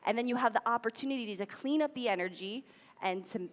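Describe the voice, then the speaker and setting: A woman's voice: a little high, quick pace. American woman speaker, casual sermon delivery with repeated phrases, recorded in a reverberant hall. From United States. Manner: conversational, repeats key phrases for emphasis. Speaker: speaker at a spiritual center. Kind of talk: sermon talk.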